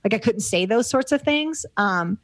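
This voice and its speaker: A woman's voice: a little high, animated, moderate pace, dry recording. A middle-aged woman from the United States, a business coach being interviewed, talking candidly and reflectively with many fillers and restarts. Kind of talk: casual interview conversation.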